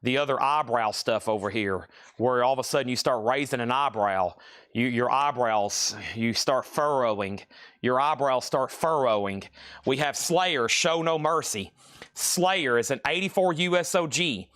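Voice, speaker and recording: A man hosting a live-stream record auction, rattling off prices and bids in quick, playful sales patter. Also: medium pitch, fairly bright tone.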